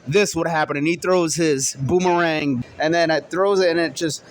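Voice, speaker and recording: A man casually improvising a superhero story in turns, talking in a halting way with restarts. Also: on the high side, steady tone, slight background noise.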